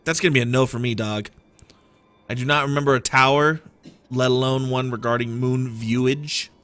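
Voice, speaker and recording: A man's voice: medium pitch, steady tone, moderate pace, a bit bright. A man streaming a game, giving rambling, playful, self-deprecating commentary. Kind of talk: casual gameplay commentary.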